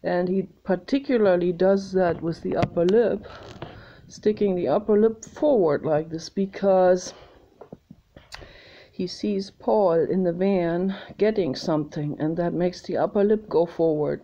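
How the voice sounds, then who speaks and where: Meandering woman host, slow and mellow, muffled home recording. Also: on the low side. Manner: meandering, chatty, thinks aloud. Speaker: video host showing her art. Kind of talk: casual rambling home video. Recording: slightly muffled, faint hiss.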